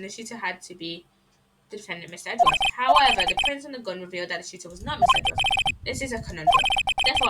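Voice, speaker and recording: A woman voicing a stern old male judge in a video game, speaking in formal, measured pronouncements. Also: mid-range voice, lightly acted. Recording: loud background noise.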